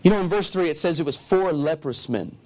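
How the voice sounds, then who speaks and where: Male pastor, high voice, animated storytelling sermon. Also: fairly quick, a little hiss or hum. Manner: animated storytelling, laughs through his lines.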